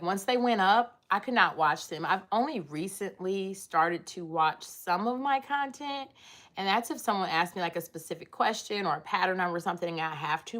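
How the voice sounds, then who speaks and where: A woman's voice: lowish voice, fairly bright tone. A woman hosting a casual livestream, rambling and chatting as she reads and answers viewer comments from home. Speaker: livestream host. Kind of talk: casual live chat.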